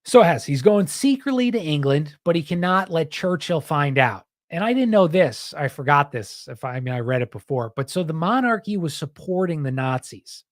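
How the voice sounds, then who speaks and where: A man's voice: a little high, sing-song, normal speed, few pauses, dry recording, studio quality. A man hosting a podcast, talking in a rambling, heated, casual way and often saying "dude". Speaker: podcast host.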